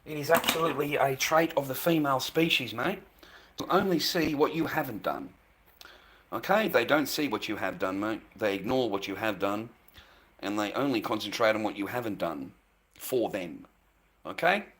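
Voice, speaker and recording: Australian man, forceful bright tone, blunt streamer rant, swears freely, repeats points. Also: medium pitch, normal speed, husky. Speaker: livestream host. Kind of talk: casual ranting to viewers.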